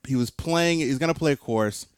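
A man co-hosting a casual sports podcast, telling stories in an animated way and laughing often. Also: medium pitch, normal speed, clean tone, dry recording, studio quality. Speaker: show producer and co-host.

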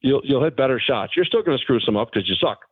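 A former pro golfer, a man, talking haltingly but frankly as a phone-in guest on a radio interview. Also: medium pitch, animated, husky, no echo. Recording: tinny phone line.

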